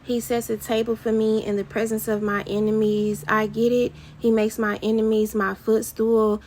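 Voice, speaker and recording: A woman's voice: on the high side, flat delivery, normal speed, a little mellow, a little hiss or hum. A woman delivering a prophetic word, preaching in fervent repeated declarations and mixing casual slang with scripture reading. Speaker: prophetic minister.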